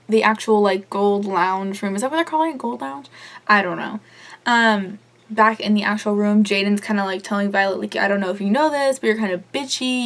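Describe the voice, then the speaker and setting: A woman's voice: medium pitch, a bit bright. A young woman recapping a reality show episode as a fan, gushing, rambling and swearing a lot. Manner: rambling with many fillers and asides. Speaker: vlogger reviewing a reality show. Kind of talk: casual fan recap vlog.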